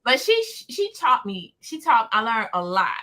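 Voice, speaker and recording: A woman tells stories with real animation, full of slang and quick asides. Her voice sits a little high and rings bright and forceful, and it carries easily through a casual chat. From Detroit. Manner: animated storyteller, slangy and laughing. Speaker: host.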